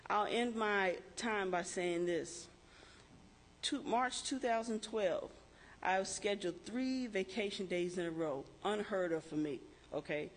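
A middle-aged woman giving a memorial tribute to a former coworker, telling animated stories and laughing through them. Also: mid-range voice, unhurried, long reverb tail.

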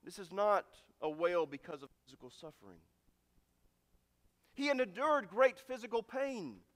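A man preaching a sermon with dramatic swings from loud, emphatic lines to hushed endings. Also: high-pitched, lively intonation, normal speed. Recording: long reverb of a large hall.

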